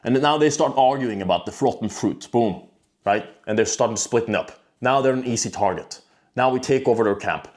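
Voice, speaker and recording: A man's voice: medium pitch, fairly quick, a little mellow. A man talking to camera in a blunt, profane, rambling monologue about discipline, with frequent restarts and filler words. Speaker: self-improvement vlogger.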